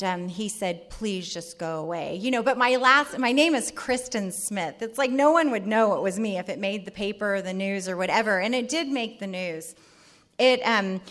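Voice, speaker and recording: A middle-aged woman from California telling her recovery story at a meeting in a candid, halting way. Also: mid-range voice, fairly bright tone. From California, USA. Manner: candid, halting, lots of fillers.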